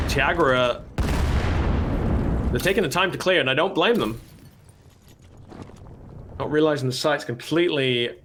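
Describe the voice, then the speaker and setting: A man calling a live esports match play-by-play, bursting into high shouts at big plays. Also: slight background noise. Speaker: esports caster.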